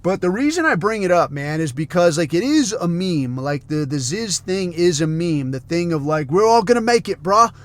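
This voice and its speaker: A man's voice: a little high, animated, moderate pace, hardly any pauses. A middle-aged man hosting a podcast, telling rambling stories in a casual, heavily profane rant. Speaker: podcast host.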